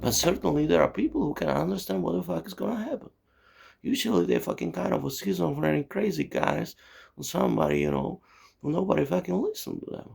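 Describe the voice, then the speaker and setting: Gravelly, profane ranting man. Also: a little high, sing-song, a little fast, a little mellow. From Czechoslovakia. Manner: swearing, digressive, heavy "you see" and "you know". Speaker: channel host. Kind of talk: profane rambling monologue.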